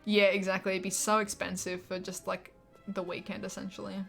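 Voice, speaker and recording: A young Australian woman chats away to her stream audience in a bubbly, talkative way, with a voice of ordinary middle pitch. Soft game music plays faintly behind her desk mic. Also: little pitch movement, gravelly. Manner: chatty, bubbly, quick asides to chat. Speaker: gaming streamer. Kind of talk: casual chat with live chat while playing.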